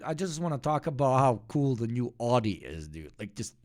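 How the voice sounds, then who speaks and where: Guy streamer riffing on the news, sarcastic, swears a lot, average-pitched voice. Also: expressive, normal speed, hardly any pauses, darkish tone. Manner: profane, sarcastic and joking. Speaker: livestream host. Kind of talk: casual stream commentary.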